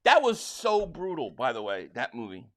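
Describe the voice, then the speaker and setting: A man from Philadelphia hosting a live football watch-along, excitably calling plays and reading viewer chats, stammering on restarts. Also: mid-range voice, moderate pace. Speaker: livestream host and fan.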